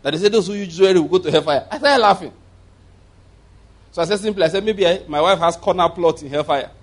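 A man's voice: high-pitched, fast talker. A man preaching a conversational sermon as pastor, rambling through asides and chuckling often.

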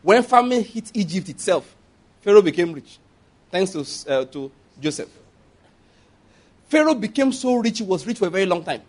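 A man's voice: high voice, big pitch swings, moderate pace, long pauses. A man, preaching a sermon in a conversational way, with asides and call-and-response. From Nigeria.

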